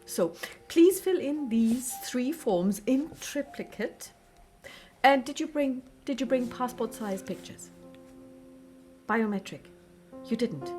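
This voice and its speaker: Woman playing Snow White as a snippy clerk. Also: fairly high pitch. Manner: fretful, snippy, officious. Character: fussy, harried female bureaucrat princess.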